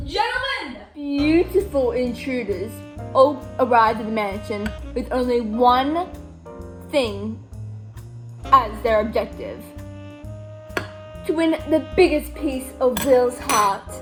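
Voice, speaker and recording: A woman's voice: fairly high pitch, expressive, takes it slowly, pauses often, music in the background. A teenage girl performing a comic solo stage scene as a gushing, exasperated reality show host. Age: teens. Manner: dramatic, gushing, exasperated asides. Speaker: student actor playing a reality show host.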